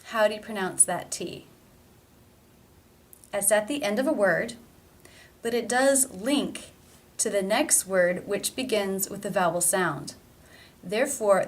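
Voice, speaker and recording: A woman giving an English pronunciation lesson, explaining sounds and repeating example phrases slowly and carefully. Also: mid-range voice. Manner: slow, careful demonstration of sounds.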